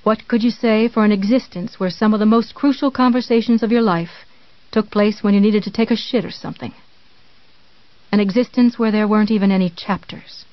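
A woman narrating a thriller novel in a measured, tense storytelling manner with dramatic pauses. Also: mid-range voice, steady tone, no room sound. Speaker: audiobook narrator. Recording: dull, dry studio read.

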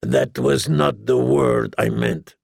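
A man voicing a sly, greedy male merchant prince who teases and bargains in a slow, drawling way. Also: a little high, very animated, creaky, breathy edge, dry recording, studio quality, full character voice. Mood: sly wheedling.

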